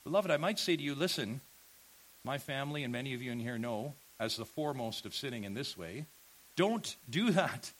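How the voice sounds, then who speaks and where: A man preaching a sermon, earnest and emphatic, asking his listeners rhetorical questions and swinging from quiet to loud. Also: medium pitch, animated, brisk, low-quality recording. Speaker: pastor.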